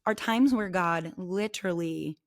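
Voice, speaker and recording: A middle-aged woman co-hosting a casual faith podcast, animated, laughing often and acting out quoted voices. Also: fairly low pitch, a little slow. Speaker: podcast co-host.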